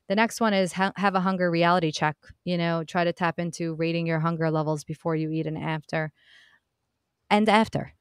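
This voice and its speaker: A woman's voice: deep voice, smooth, dry recording, studio quality. A woman hosting a self-help podcast, talking earnestly and encouragingly to her listeners in a casual, direct way. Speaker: podcast host. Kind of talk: motivational self-help talk.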